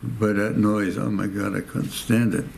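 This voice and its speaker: This American man in his nineties has a fairly low, creaky, darkish voice that barely moves in pitch, at a normal speed. Recounting the war in a rambling oral-history interview, he repeats phrases and acts out quoted voices; a little hiss or hum is audible.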